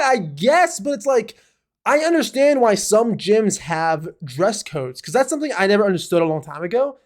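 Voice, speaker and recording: Male podcast co-host, slightly high, very animated pitch, rambling casual delivery. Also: moderate pace. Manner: rambling, animated, many fillers. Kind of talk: casual chat.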